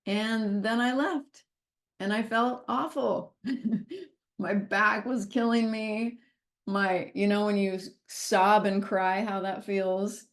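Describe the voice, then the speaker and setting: Woman wellness speaker, animated storyteller, laughs easily. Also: mid-range voice, slow. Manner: expressive, laughs often while telling the story. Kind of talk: personal storytelling talk. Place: talk or masterclass session.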